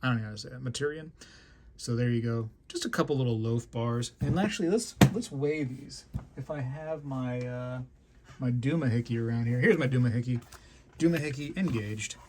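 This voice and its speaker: A man's voice: medium pitch, brisk, background noise. A man hosting a casual show-and-tell video, chatty and enthusiastic, rambling with lots of fillers. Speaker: coin collecting video host.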